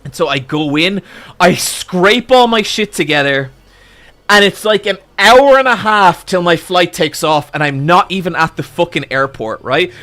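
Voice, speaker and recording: A man streaming live and telling a long, exasperated anecdote to his chat, swearing freely and getting loud at the punchlines. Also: sits high, moderate pace. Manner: profane, exasperated, building to loud outbursts. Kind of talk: animated storytelling to a live chat.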